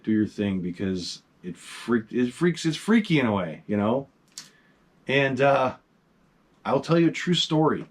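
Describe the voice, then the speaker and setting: A middle-aged man casually telling a ghost story to his vlog audience, animated and swearing freely. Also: lowish voice, a little hiss or hum. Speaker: vlog host.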